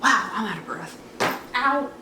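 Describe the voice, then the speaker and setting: A woman's voice: a little high, lively intonation, measured pace, over music. Chatty young woman vlogging in an echoey room. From Virginia. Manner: chatty, rambling, self-mocking. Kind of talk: casual vlog chat. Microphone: phone camera. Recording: echoey room with background noise.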